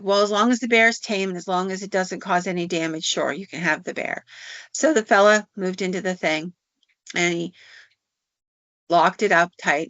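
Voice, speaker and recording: A woman host narrates a spooky folk tale in a folksy, drawling, casual manner. Her voice sits on the low side, dry and close with a dull, muffled tone. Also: a bit bright, dry recording. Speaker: podcast host. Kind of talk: storytelling narration.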